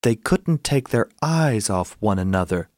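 A man from South Carolina, telling a story and breaking into high squawking bird noises. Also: expressive, measured pace, darkish tone, dry recording, studio quality.

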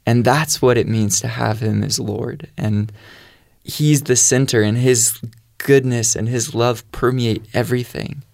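A man's voice: mid-range voice, fairly even intonation, unhurried, gravelly, a little mellow, no echo, clean studio sound. A man telling his faith testimony in an earnest, storytelling way. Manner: earnest storytelling, quotes his own prayers. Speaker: guest sharing testimony.

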